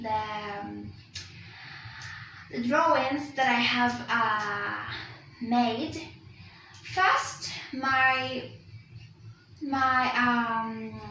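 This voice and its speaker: A high-voiced woman whose first language is Spanish talks slowly and haltingly through a class presentation, stopping often for fillers and to correct herself. Her voice is bright, and it sounds thin and distant in a very echoey room. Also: slight background noise. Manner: hesitant, many fillers and self-corrections. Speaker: student presenter. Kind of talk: recorded class presentation on intonation. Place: room with a board.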